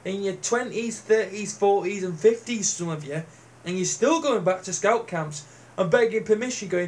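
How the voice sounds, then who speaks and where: A man's voice: sits high, moderate pace, a little mellow, slight background noise. A man ranting to camera in a sweary, sneering, mocking manner. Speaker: vlogger. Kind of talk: profane rant to camera.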